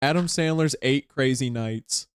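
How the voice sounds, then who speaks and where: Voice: mid-range voice, a little slow, clean tone, no echo. Rambling laughing streamer. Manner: rambling, self-mocking, laughs a lot. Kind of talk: casual gaming chat with friends.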